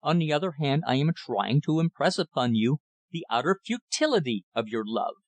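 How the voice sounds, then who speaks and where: Man voicing an old country rector, slow clerical drawl, grave, cynical, dry close sound. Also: a little high, very animated, dry recording. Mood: grave, warning. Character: older male country rector, tall, thin-faced, cynical.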